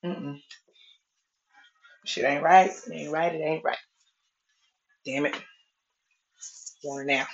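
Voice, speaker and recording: A woman's voice: low voice, fairly even intonation, takes it slowly, pauses often. A woman delivering a profane, exasperated comic rant as a vlogger, complaining at length. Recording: dull lo-fi recording.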